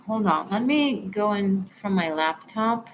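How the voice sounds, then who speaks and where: A woman's voice: medium pitch, lively intonation, a little slow, slight background noise. A woman tarot reader on a live stream, chatting with viewers and apologizing as she gives readings.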